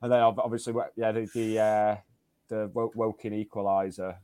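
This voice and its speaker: A man co-hosting a fan podcast in casual chat, telling stories in an expressive, self-mocking way. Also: fairly low pitch, moderate pace, smooth, no room sound. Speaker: podcast co-host.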